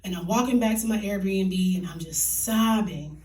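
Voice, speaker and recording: A woman telling a comic true story live on a theater stage, animated and laughing, in colloquial speech. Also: mid-range voice, a little slow. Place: theater stage before an audience. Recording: echoey theater, distant mic.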